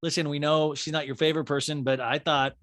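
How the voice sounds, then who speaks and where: A man hosting a podcast, giving a sardonic, brisk comedic recap of a TV episode. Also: fairly high pitch, flat delivery, fairly bright tone. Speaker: podcast host.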